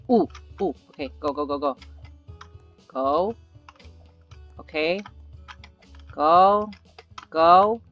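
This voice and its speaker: Excitable gamer talking through gameplay. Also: mid-range voice. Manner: excitable, nervous self-talk with repeated urging. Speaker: gaming channel host. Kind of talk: live gameplay commentary. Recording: slightly dull lo-fi audio with faint background music.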